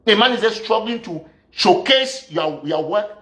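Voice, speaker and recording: A man's voice: sits high, lively intonation, a little slow, a bit bright. A man from Southern Cameroon, ranting as a political activist. He scolds his opponents and fires off one rhetorical question after another. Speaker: activist commentator. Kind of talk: political rant.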